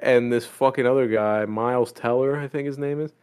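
A man co-hosting a casual podcast, retelling a film scene in a profane, excitable way. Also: mid-range voice, fairly quick, smooth. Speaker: podcast co-host.

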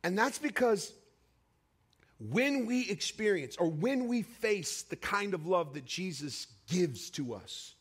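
A man preaching a sermon, telling a personal story with emotional swings between raised cries and hushed, quiet passages. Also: sing-song, takes it slowly, breathy edge. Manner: emotional storytelling with sweeping highs and hushed lows.

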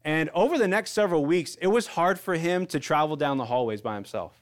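A male pastor in his thirties delivering a sermon with a slightly higher voice than most men. He talks in an earnest, conversational way, swelling on key phrases and falling to a hush when he makes a point. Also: animated, brisk. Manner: earnest, conversational preaching with surges and hushed drops.

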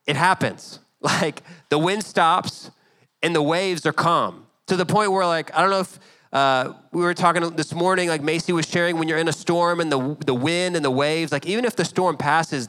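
A man's voice: high voice, sharp tone. A man in his thirties preaching a sermon as pastor, talking conversationally and acting out little scenes with asides to the congregation.

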